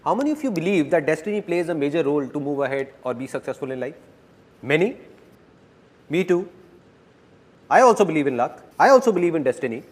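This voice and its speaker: Guy doing a motivational talk, super animated, voice bouncing up and down, kinda high. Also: quick pace, pauses often. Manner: animated, playful, exhorting the audience. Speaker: motivational speaker. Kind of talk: live motivational speech.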